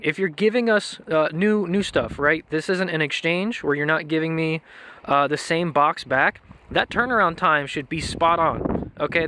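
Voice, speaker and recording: A man's voice: fairly high pitch, a bit bright. A young man ranting angrily in a vlog, exasperated and swearing often as he complains about a purchase. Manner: angry, profane, exasperated ranting. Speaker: vlogger reviewing car parts.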